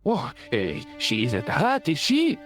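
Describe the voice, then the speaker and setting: An actor playing a boastful elderly French ex-soldier with a French accent, in video game voice acting. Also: male voice, medium pitch, wildly swooping pitch, takes it slowly, fairly bright tone, soft background music, heavily acted. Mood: haughty. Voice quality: pompous, theatrical chuckling.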